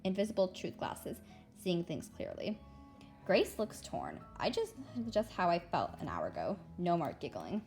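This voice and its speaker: A woman's voice: fairly low pitch, wildly swooping pitch, unhurried, creaky, a little mellow, faint music behind. A woman reading a middle-grade novel aloud, telling it expressively in the first person as a young girl. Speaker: read-aloud narrator.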